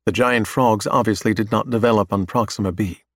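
Steady male audiobook narrator. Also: on the low side, brisk, no room sound, studio quality. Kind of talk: scripted narration.

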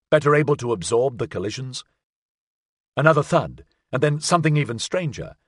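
A man reading a science fiction audiobook as narrator, with a measured, expressive delivery. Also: mid-range voice, slightly rough, dry recording, clean studio sound. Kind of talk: scripted narration.

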